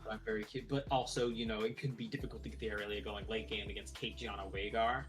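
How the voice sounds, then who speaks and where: A man casting a live video game match, excitable and quick to laugh. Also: fairly low pitch, faint music behind, low-quality recording. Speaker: esports caster.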